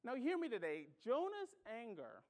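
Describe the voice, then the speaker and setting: A male pastor delivers a sermon in a notably high voice. He preaches with animation, telling stories and acting out reactions, swinging from loud exclamations to quiet asides. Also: huge pitch swings, moderate pace. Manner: tells stories and acts out reactions.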